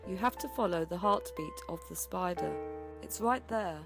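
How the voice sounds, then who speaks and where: An actress voicing a secretive fellow patient in a game, in a hushed, conspiratorial manner. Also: female voice, fairly low pitch, moderate pace, close to an everyday voice. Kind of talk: game voice acting. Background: game music.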